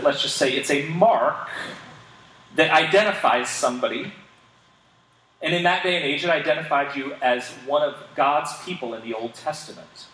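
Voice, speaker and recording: A man delivers a sermon as pastor, earnest and emphatic, often pausing to ask his listeners rhetorical questions. His voice sits a little higher than most men's. He is recorded from some distance in an echoey hall with a faint hum of ambience behind him. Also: fairly bright tone.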